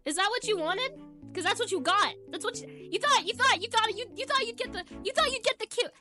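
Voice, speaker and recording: A young woman streamer chatting casually, brash and playful, swearing and ranting at her chat with sudden shouts. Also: very high voice, expressive, fast talker, soft background music.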